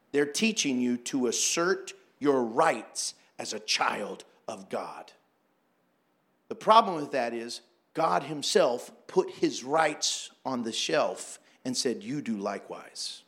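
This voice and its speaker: A man preaching a sermon, animated and joking, acting out prayers as he teaches. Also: mid-range voice. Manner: animated, jokes and acts out prayers. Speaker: pastor.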